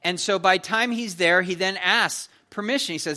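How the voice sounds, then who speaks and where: A man's voice: high-pitched, quick pace, hardly any pauses, bright, forceful tone. A man preaching an expository sermon in a conversational, emphatic way, often checking in with his listeners. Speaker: pastor.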